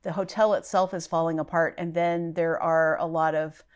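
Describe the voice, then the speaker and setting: Chatty woman with a lowish voice. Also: steady tone, normal speed, clean tone. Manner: chatty, thinking aloud. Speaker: book vlogger. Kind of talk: casual chat.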